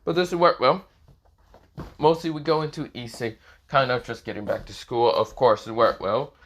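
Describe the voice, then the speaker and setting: A man's voice: mid-range voice, normal speed, a bit bright. A man improvising a fan-fiction story, rambling and repeating himself as he narrates. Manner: rambling, repeats "this is where, well".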